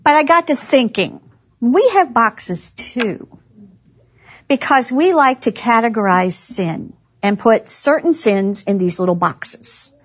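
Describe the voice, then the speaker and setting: A woman's voice: on the high side, lively intonation, slow pace, slightly rough. A woman gives a humorous, chatty devotional talk to women, laughing often as she tells stories. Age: 60s. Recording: dull lo-fi recording.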